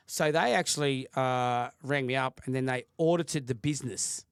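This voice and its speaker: A man's voice: medium pitch, normal speed, clean tone, dry recording, clean studio sound. A middle-aged Australian man co-hosting a podcast, telling a heated story in casual chat and swearing constantly. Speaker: podcast co-host.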